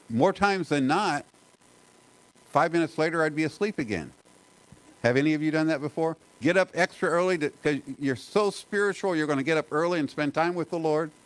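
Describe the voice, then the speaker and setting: A middle-aged man preaching a sermon as pastor, talking earnestly and conversationally, with rhetorical questions and frequent restarts, slowing down to stress key phrases. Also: fairly high pitch, poor audio.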